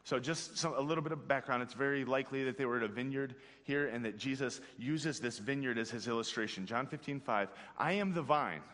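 A man preaching a youth sermon in a casual, slangy, animated way, talking straight to his audience. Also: mid-range voice, a little fast, hardly any pauses, big-room sound. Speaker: pastor.

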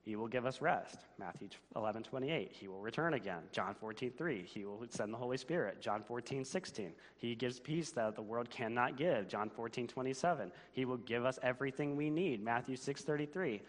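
A man's voice: mid-range voice, brisk, hardly any pauses. A man preaching a sermon as pastor, earnest and building to emphatic questions. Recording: long reverb of a church hall.

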